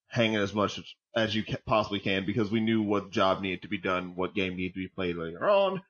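A man's voice: lowish voice, fairly bright tone. A man co-hosting a football podcast in casual, joking chat, swearing freely and rambling between points. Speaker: podcast co-host, football fan. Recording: dull lo-fi audio.

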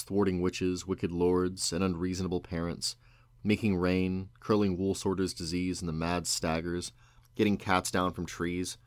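A man's voice: low-pitched, dry recording, lightly acted. A man reading aloud and voicing a grown male magician, wry and rueful, in a storybook. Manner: brisk and sharp, then wistful.

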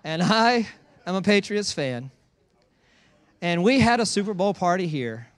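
A man's voice: sits high, measured pace, no room sound. A man preaching a sermon in a church, telling stories with playful teasing. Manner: animated storytelling with playful teasing. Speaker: pastor.

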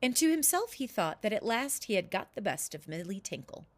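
A woman reading a children's story aloud with expressive narration. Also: mid-range voice, fairly quick, no echo.

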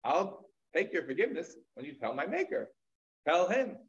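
An aggrieved, insulted old man with an ugly face, pleading in a higher, plaintive voice that climbs on his complaints, as a lecturing man puts him on. The sound is muffled and lo-fi. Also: very animated, moderate pace.

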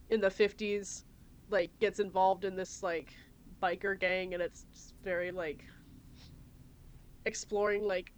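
A woman talks through recent films in a loose, chatty podcast conversation. She laughs often and swears freely, with a middle-range pitch. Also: clean tone. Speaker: podcast co-host. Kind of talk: casual chat.

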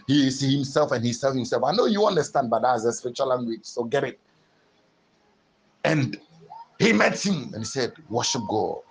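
A man preaching a sermon, building rhythmic repeated phrases that swell into loud, fervent peaks. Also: mid-range voice, vocal fry, a little hiss or hum, rough recording. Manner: rhythmic repetition with sudden swells.

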